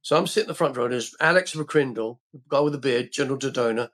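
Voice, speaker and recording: An older English man, a podcast guest, rambles through casual anecdotes full of fillers and restarts. He speaks quickly at a medium pitch, and his tone is a bit bright.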